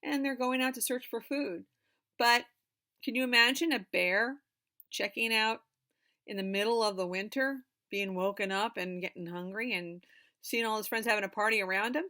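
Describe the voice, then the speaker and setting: A woman reading a picture book aloud to children, animated, pausing to explain words and ask questions. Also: on the high side. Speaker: storybook reader for children.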